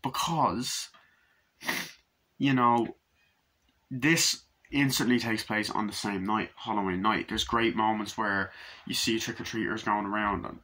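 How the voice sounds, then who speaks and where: A man reviewing a film in a casual, excited way, swearing often and acting out quoted lines, with a husky voice. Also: lowish voice, measured pace. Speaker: movie reviewer.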